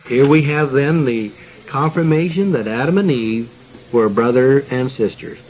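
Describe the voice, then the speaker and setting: A man giving a religious lecture, reading quoted ancient texts aloud with measured emphasis and slowing on key words. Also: medium pitch, a little mellow, poor audio. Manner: measured, reads quotations with emphasis, pauses and slows on key words.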